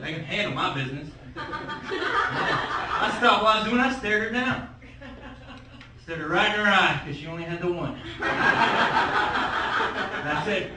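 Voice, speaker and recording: A male stand-up comic at an open mic, telling wry stories with playful asides to the crowd. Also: high voice. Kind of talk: stand-up comedy set. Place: comedy club at open mic night. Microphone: handheld stage mic. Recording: echoey club, far from the camera, noisy. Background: crowd laughter.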